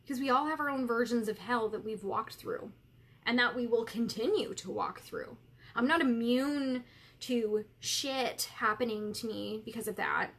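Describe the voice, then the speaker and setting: A woman's voice: a little high, a bit bright. A woman in her thirties hosting a live coaching stream, tearful and candid, swearing freely as she reads viewers' comments. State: tearful, crying while talking.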